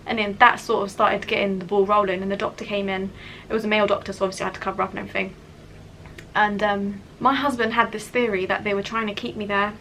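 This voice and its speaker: Young woman vlogger, bright voice, casual candid storyteller. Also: mid-range voice, slight background noise, poor audio. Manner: candid, chatty, many "like" fillers.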